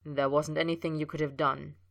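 A woman's voice: low-pitched, flat delivery, a little fast, creaky, no echo. A woman doing a stiff, terse older man.

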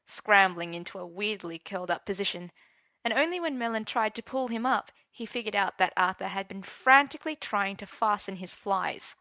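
Bright-voiced woman narrating a story. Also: medium pitch, dry recording, clean studio sound. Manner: expressive, switching voices for characters. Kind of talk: audiobook narration of romance fiction.

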